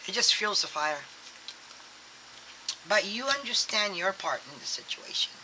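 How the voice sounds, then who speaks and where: Unhurried yet very animated, this medium-pitched voice belongs to a tarot reader doing a casual reading. It wanders with lots of fillers and quoted thoughts acted out, over background noise.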